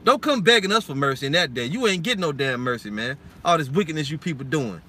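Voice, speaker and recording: A man's voice: a little high, expressive, fast talker, bright, forceful tone. A man preaching an informal sermon and reading scripture, blunt and heated, swearing often and ending lines with "man.". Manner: heated, blunt and profane, keeps adding "man".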